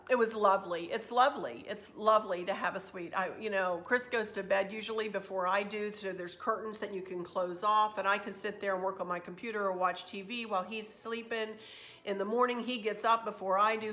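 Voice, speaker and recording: Bright-voiced chatty woman vlogger. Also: mid-range voice. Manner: chatty, rambling storyteller, gets emotional. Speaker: craft channel host. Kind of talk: casual travel recap vlog.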